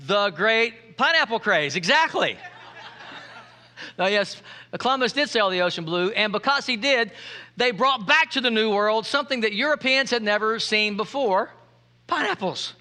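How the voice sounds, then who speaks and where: A man's voice: sits high, lively intonation, moderate pace, sharp tone. A man preaching a sermon, playful and joking, calling out to the congregation for responses. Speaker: pastor.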